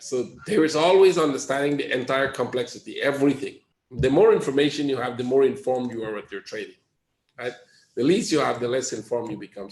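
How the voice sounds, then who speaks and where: A man's voice: medium pitch, reverberant. A man teaching a trading webinar in a conversational way, often asking rhetorical questions and briefly acting out panicked traders. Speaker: trading instructor. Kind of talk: webinar lesson.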